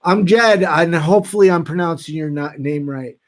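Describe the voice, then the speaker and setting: A man hosting a live stream, reading out viewer comments in a casual, halting way with frequent restarts. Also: a little high. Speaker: livestream host reading chat.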